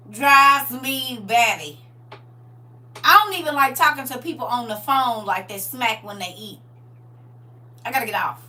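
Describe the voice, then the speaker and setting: A middle-aged woman hosts a livestream, chatting casually and emphatically and laughing often in a high-pitched, sharp voice. The mic is distant, with a faint hum.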